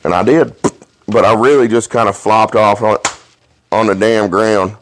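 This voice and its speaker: A man hosting a podcast, telling rowdy stories in a profane, animated way and laughing along. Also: fairly low pitch, moderate pace, slight background noise. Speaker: podcast host. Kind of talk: casual storytelling chat.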